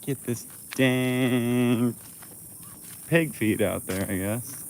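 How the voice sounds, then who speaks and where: Farm vlogger on a phone live stream, unhurried, mid-pitched, coaxes animals outdoors over steady background noise. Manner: coaxing, soft-spoken with the animals. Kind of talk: casual chat while feeding animals.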